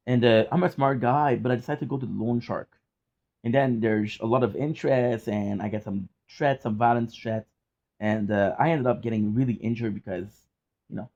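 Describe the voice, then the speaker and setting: A man's voice: mid-range voice, darkish tone, dull audio. A young man chatting casually in a vlog from his apartment, rambling with restarts and casual swearing. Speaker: gaming vlogger. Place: hot apartment.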